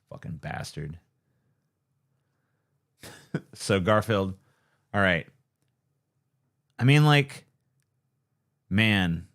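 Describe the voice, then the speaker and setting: Rambling, cursing man on a late-night stream. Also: low voice. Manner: rambling, profane, self-deprecating. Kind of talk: casual late-night livestream chat.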